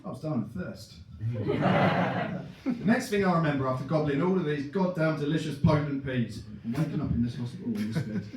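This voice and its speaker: A man's voice: on the high side, moderate pace. A man telling a comic story on stage, often laughing at his own jokes and acting out other people's voices. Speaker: stand-up comedian. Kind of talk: stand-up storytelling. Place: comedy club stage. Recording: echoey room from far off, noisy. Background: audience laughter.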